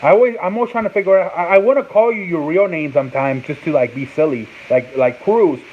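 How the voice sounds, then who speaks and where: A man's voice: fairly high pitch, quick pace. Rambling, foul-mouthed man on a tinny line. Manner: rambling, profane, sounds out words over and over. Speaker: host of a sports talk show. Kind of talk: casual live-stream chat. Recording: tinny phone-like sound with faint noise.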